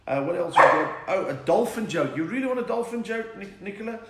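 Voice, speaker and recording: Older South African comic, chatty joke-teller, voice on the high side, roomy sound. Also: male voice, lively intonation, brisk, vocal fry, heavy background noise. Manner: chatty, joke-telling, reads out viewer comments. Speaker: comedian. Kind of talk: live-streamed stand-up chat. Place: home room during lockdown. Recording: echoey room.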